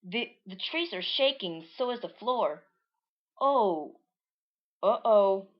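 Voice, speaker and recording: A woman's voice: mid-range voice, lively intonation, measured pace. A woman casually reading aloud and explaining a comic she made as a child, rambling with many asides. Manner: rambling, full of likes and restarts, amused. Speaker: reader. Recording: dull lo-fi recording.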